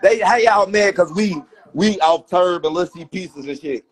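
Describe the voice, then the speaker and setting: A man with a Chicago accent in rowdy livestream banter, loud and often shouting in profane street slang. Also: high voice, unhurried, husky, low-quality recording.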